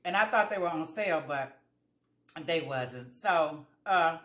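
Woman, eating vlog, folksy chatter, bright tone, roomy echo. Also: low-pitched, lively intonation, a little slow. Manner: chatty, talks to viewers as "y'all" while eating; folksy storyteller, acts out both sides of conversations. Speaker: vlogger. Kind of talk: casual eating vlog chat.

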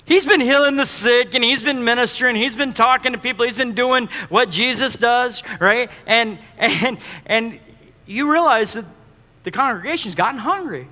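Very high, bright-voiced storytelling preacher man. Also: normal speed, in a large hall. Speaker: pastor. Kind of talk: sermon.

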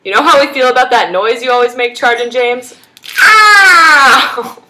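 A woman's voice: a little high, a bit bright, reverberant, poor audio. A young American woman joking sarcastically with friends while cooking in a home kitchen. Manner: sarcastic, playful, quick to joke. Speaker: home cook among friends.

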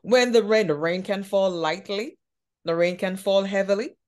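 A woman hosting an interview, talking in a slow, thoughtful way with drawn-out phrasing. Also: medium pitch, a little mellow. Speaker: podcast host. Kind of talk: reflective conversational interview.

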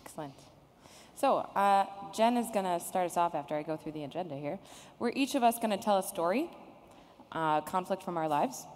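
A woman's voice: fairly low pitch, expressive, brisk, darkish tone. Woman, panel moderator, chatty, sarcastic, echoey conference hall. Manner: chatty, sarcastic, laughs often. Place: conference room with audience.

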